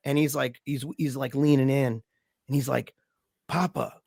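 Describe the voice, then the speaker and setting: A man's voice: mid-range voice, little pitch movement, normal speed, vocal fry, mellow, no echo, clean studio sound. A man telling a story as a podcast guest. He talks in a casual way and acts out the voices of the people in his story.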